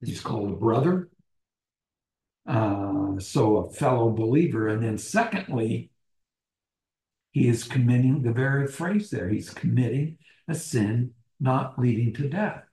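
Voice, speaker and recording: A man teaching a small-group Bible study, deliberate, restating phrases and posing questions to the group. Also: medium pitch, mellow. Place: church meeting room. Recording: roomy echo.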